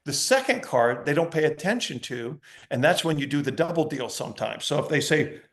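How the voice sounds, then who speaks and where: A man's voice: on the high side, lively intonation, brisk. Chatty man teaching a card trick. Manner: chatty, explains while demonstrating, acts out patter. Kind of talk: casual teaching session.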